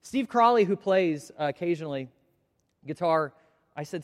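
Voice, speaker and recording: A man serving as pastor tells his congregation an emotional story, stumbling and restarting as he goes. His voice sits a little high for a man. A long reverb from the church auditorium trails after every phrase. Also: lively intonation, moderate pace, long pauses. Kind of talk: prayer and church announcement.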